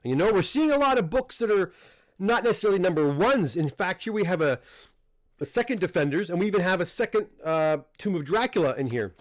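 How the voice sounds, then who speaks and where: A man's voice: sits high, fairly quick, no echo. Laid-back Canadian man, dry close mic. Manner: relaxed, rambling, frequent restarts and fillers. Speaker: comic book dealer and host. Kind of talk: casual livestream unboxing chat. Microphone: desk microphone close up.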